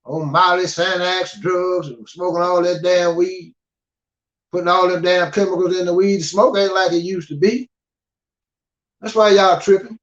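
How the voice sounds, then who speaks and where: A man's voice: high voice, level tone, moderate pace. An older man from the United States gives a blunt, scolding monologue and keeps asking "you understand?". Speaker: guest speaker. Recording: dull lo-fi audio.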